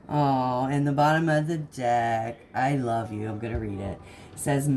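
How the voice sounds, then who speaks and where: Woman tarot reader, low voice, mellow tone, relaxed first-person channeling, faint hiss behind. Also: takes it slowly. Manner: speaks messages in first person as the partner; frequent um and right. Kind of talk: intuitive tarot reading.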